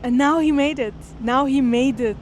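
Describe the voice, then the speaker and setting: A woman reading a classic text aloud and pausing to explain it. She speaks in an earnest, thoughtful way. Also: high voice, a little hiss or hum. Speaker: literature lecturer. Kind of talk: reading aloud with close-reading commentary.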